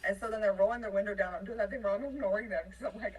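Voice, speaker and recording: A woman from a touring band telling an animated story in a casual interview, laughing often and swinging between excitement and panic. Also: medium pitch, very fast, slightly rough, distant mic, poor audio. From United States. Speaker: band member.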